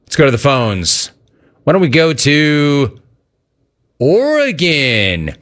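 A man's voice: a little high, unhurried, fairly bright tone. A man hosting a call-in radio show, joking and riffing between callers. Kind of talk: casual talk radio hosting.

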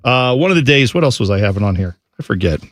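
A man's voice: mid-range voice, big pitch swings, no room sound, clean studio sound. A man co-hosting a sports radio show, chatting casually and jokily, rambling from topic to topic. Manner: rambling, joking, fast. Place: radio studio.

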